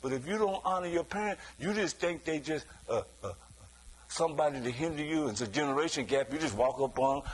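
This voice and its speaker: A man with a fairly high voice delivers a sermon as if he were chatting with the congregation. He keeps checking in with "you see?", chuckles now and then, and slips into other people's voices to act out everyday scenes. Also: brisk, breathy edge, low-quality recording. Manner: conversational preaching with frequent rhetorical "you see?"; chuckles between points, acts out quoted voices. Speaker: preacher.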